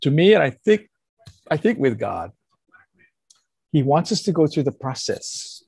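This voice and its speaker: An older man talks as a pastor giving counsel, earnest and animated, slipping into acted-out quotes. His voice is gravelly and a bit husky, and it sounds dry and close to the mic. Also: fairly high pitch, a little slow, dry recording. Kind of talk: casual conversational counsel.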